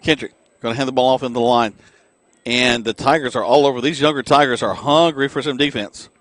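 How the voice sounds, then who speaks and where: A man giving quick, dry play-by-play of a high school football game for radio, from outdoors at a stadium. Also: fairly even intonation, fairly bright tone, no echo. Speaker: play-by-play announcer.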